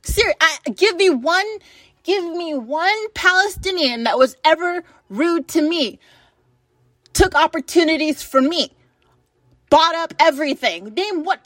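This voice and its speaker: A high-pitched young woman from the United States vents her fury straight into the camera. She swears freely and keeps asking heated rhetorical questions. Her voice sounds close and dry, with no room echo. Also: animated, fairly bright tone. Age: late 20s. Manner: furious, profane, rapid-fire rhetorical questions. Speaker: vlogger. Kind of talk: angry political rant to camera.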